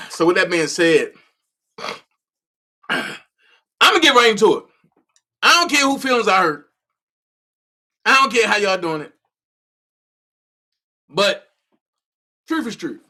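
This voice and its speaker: Animated, bright-voiced male livestream host. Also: high voice, slow pace, pauses often. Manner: animated, stammering, repeats words. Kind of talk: casual live commentary.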